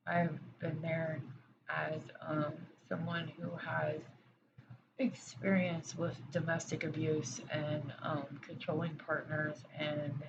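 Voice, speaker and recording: A woman giving a pick-a-pile oracle card reading, speaking in a gentle, reassuring way with frequent hesitations. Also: deep voice, flat delivery, slow pace, gravelly. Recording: dull lo-fi sound with background noise.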